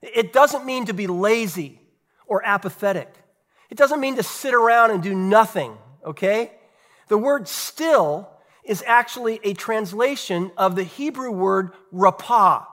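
Man, pastor preaching, high voice, earnest, rhetorical questions, dramatic pauses. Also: expressive, a bit bright. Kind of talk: sermon.

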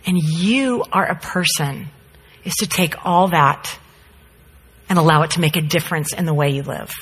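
In a sermon, a mother brings a story to life by acting out the quotes. Her low voice has a breathy edge and normal speed, heard through long hall reverb.

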